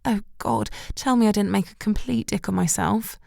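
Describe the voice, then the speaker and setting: A woman's voice: mid-range voice, moderate pace, gravelly, mellow, dry recording, clean studio sound. A woman narrator voicing a flustered young woman who babbles and stumbles over her words. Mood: anguished.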